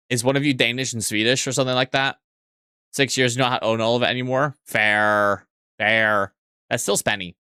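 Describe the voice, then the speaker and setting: A young man chatting casually on a live stream, answering chat with quick asides, restarts and frequent swearing. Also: mid-range voice, pushed and bright, clear, resonant tone, dry recording, studio quality.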